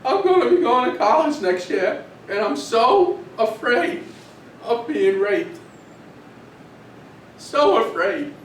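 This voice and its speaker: A man voicing his frightened teenage daughter, who shouts and pleads with her mother. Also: extremely high pitch, big pitch swings, takes it slowly, pauses often, slight background noise, voice pushed up, exaggerated voice. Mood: pleading, frantic. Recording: echoey room from far off.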